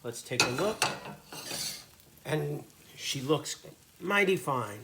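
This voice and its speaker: A man's voice: a little high, animated, slow, creaky, heavy background noise. A man cooking at his home stove and talking to the camera in a casual demo, in a jokey put-on Italian accent. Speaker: home cook.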